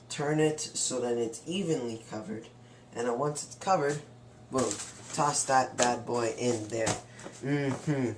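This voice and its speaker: A man's voice: mid-range voice, a little hiss or hum. A young man clowning through a home cooking demonstration in a playful, boastful, chatty way, as if hosting a comic cooking show. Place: home kitchen. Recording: roomy kitchen with clattering dishes. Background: faint clatter of cutlery and pans.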